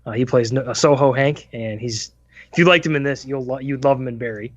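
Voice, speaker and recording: A man's voice: mid-range voice, brisk, no echo, muffled recording. A man co-hosting a casual movie review podcast, sharing trivia in a rambling way with fillers. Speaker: podcast co-host.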